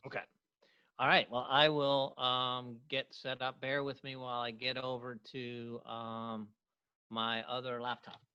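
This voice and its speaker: Guy hosting an open mic on a video call, mid voice, slow and halting, lots of restarts. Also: mid-range voice, little pitch movement, pushed and bright, clean tone, no room sound, dull audio. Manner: halting, unhurried, many pauses and restarts. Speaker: open mic host and musician. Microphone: computer mic on a video call.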